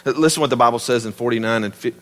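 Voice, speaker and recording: Animated Southern preacher man in a hall. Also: mid-range voice, very fast. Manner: animated, emphatic, conversational preaching. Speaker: pastor. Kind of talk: sermon.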